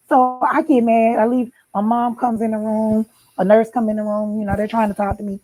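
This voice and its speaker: A woman's voice: fairly high pitch, little pitch movement, brisk, hardly any pauses, mellow, no echo, rough recording. A woman sharing an emotional personal testimony, speaking tenderly and then pleading with growing intensity, drawing her listeners in directly. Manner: addresses listeners with "y'all".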